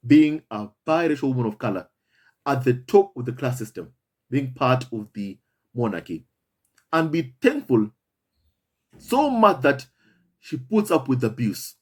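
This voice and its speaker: A man's voice: medium pitch, husky. A man hosting a commentary video, speaking emphatically and repeating himself as he addresses his viewers as family. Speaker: commentary channel host. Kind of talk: impassioned commentary monologue.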